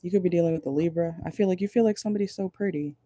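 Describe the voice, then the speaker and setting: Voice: medium pitch, rapid-fire, dark tone, dry recording. A tarot reader giving a casual channeled reading from a car, talking bluntly, swearing and laughing often. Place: parked car.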